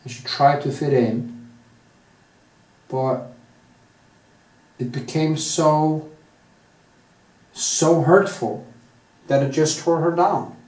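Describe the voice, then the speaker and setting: A man with a Norwegian accent thinking out loud as he paints, rambling candidly with many restarts and drawn-out stretches. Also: on the high side. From Norway. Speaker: artist. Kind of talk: casual monologue while painting. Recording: echoey room, mic set at a distance.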